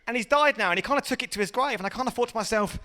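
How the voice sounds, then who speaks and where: A young Englishman doing a stand-up comedy set, excitable, with sudden loud shouty bursts. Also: extremely high pitch, racing.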